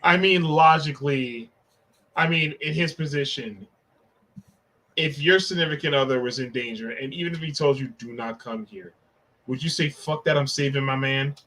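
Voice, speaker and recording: A man's voice: a little high, normal speed, sharp tone, rough recording. A man talking casually as a podcast guest, joking and poking fun at himself. He drops into little acted-out quotes while he tells his stories. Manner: joking, self-deprecating, acts out quotes. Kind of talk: casual chat.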